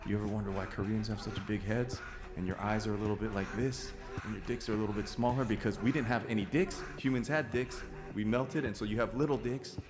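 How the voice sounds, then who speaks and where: A man's voice: fairly low pitch, fairly even intonation, fast, lightly acted. Man doing a crude, foul-mouthed alien spirit. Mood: taunting. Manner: profane, taunting. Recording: reverberant, with music over it.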